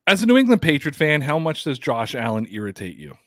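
A man's voice: fairly high pitch, huge pitch swings, fast talker, a bit bright, dry recording. Male sports show host, casual and teasing, close dry studio sound. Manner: loose, chatty, teasing. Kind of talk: casual live show chat.

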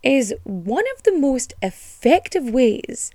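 Irish woman podcast host, higher voice, sweary and sarcastic, dry close recording. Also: slow, no room sound. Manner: animated and indignant. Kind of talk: casual storytelling podcast.

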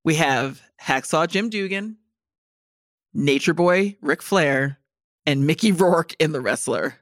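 A woman's voice: low-pitched, animated, slow, no echo, studio quality. A woman co-hosting a podcast, reading listener emails and giving blunt, enthusiastic opinions laced with swearing. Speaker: podcast co-host.

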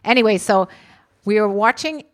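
A woman telling a long anecdote in casual chat, animated, swearing freely, often repeating herself. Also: medium pitch, moderate pace. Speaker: storyteller in a casual two-person chat.

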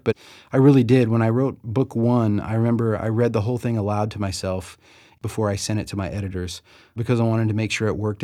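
A man's voice: lowish voice, darkish tone, dry recording, clean studio sound. A middle-aged man from the American South, an author talking in a chatty, self-deprecating way about recording his audiobook, with small laughs. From Southern United States. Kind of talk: reflective interview monologue.

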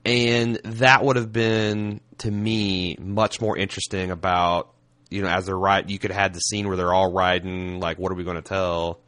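A man co-hosting a casual chat, talking in an animated, incredulous way with lots of restarts. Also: low voice, moderate pace. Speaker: podcast co-host.

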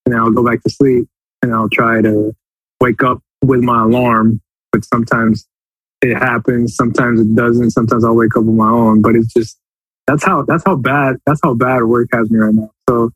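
A man with a husky, slightly rough voice, co-hosting a sports podcast. He rambles, circles back over his own phrases and lets sentences trail off. The recording is dry and close. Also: mid-range voice, no room sound, rough recording. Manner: rambling, repeats himself, trails off mid-thought. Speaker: podcast co-host. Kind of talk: casual sports podcast chat.

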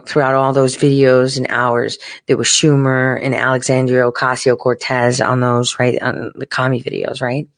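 Speaking in a very deep, creaky voice on a dry recording, a woman commentator on politics rants at her viewers. She's heated and emphatic, swearing freely in a casual, profane address.

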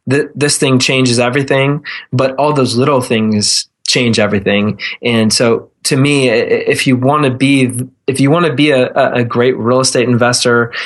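A man in his thirties, a podcast guest, answering earnestly in a casual interview with many restarts. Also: mid-range voice. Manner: earnest, with frequent restarts and fillers. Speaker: podcast guest, real estate investor.

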